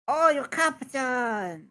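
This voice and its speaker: A woman's voice: medium pitch, lively intonation, measured pace, close to an everyday voice. A woman voicing a small, timid male kobold who speaks in broken, pleading phrases. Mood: earnest. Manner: broken grammar, frightened pleading.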